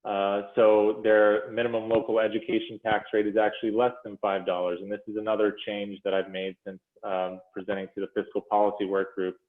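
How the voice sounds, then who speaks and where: A man presenting figures to a commission in a measured, explanatory way, with frequent fillers and self-corrections, speaking over a video call. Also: fairly low pitch, flat delivery. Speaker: presenter to a school funding commission. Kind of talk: policy presentation walking through slides. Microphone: video call audio. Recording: phone-like echoey video call audio.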